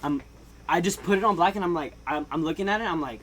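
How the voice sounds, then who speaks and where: A man telling a comedic storytime, animated and casual, swinging between loud outbursts and hushed asides and laughing often. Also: fairly high pitch, fast talker, a little hiss or hum. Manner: casual slang and swearing. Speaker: vlogger.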